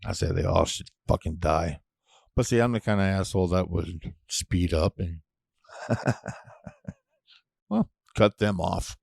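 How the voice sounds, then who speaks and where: A man hosting his own show, ranting in a casual monologue, blunt and profane with sudden loud outbursts. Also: sits low, measured pace, vocal fry, pauses often, a little hiss or hum. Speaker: podcast host.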